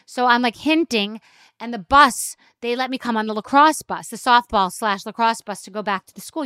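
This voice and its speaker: A woman's voice: on the high side, moderate pace, pushed and bright, clear, resonant tone, dry recording, clean studio sound. A middle-aged woman host telling a rambling, self-deprecating story with swearing, in casual rant style. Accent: New York. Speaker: podcast host.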